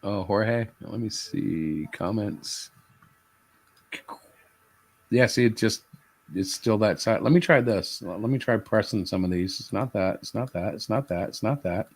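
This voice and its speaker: A man's voice: fairly low pitch, unhurried. Easygoing man hosting a live stream. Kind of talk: casual chat.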